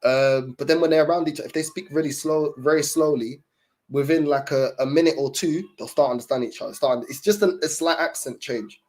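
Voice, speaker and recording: A man's voice: on the high side, fairly quick, a little mellow. A young man chatting casually to his livestream viewers, in laid-back, slang-heavy talk full of fillers. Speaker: livestream host.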